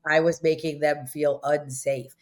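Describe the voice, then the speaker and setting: Emphatic woman with a lowish voice. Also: little pitch movement, unhurried, a little mellow. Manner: emphatic, storytelling, frequent "like". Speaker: interview guest, restaurant owner. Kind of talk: candid conversational interview.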